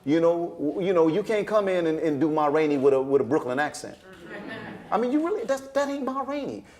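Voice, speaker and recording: A middle-aged man with a Southern US accent, a stage director telling lively stories in a panel conversation and acting out the voices of the people in them. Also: a little high, fairly quick. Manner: animated storyteller, acts out voices, Southern-flavored speech.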